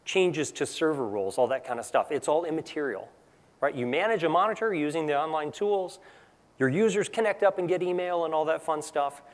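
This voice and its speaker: A technical presenter with a slightly high voice talks through his conference presentation in a big hall. The tone stays informal, and "right?" punctuates many of his points.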